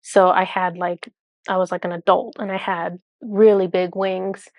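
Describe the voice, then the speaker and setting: A woman's voice: on the low side, little pitch movement, measured pace, dry recording, highs cut off. Chatty woman telling a spiritual story. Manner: chatty and rambling, full of "like" and self-corrections. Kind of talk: casual storytelling to viewers.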